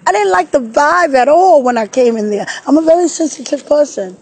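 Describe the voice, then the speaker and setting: A woman vlogging outdoors in a park, upset and tearful, talking haltingly and repeating words as she recounts a bad experience. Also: high-pitched, expressive, a little mellow, poor audio. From New York. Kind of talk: emotional personal vlog.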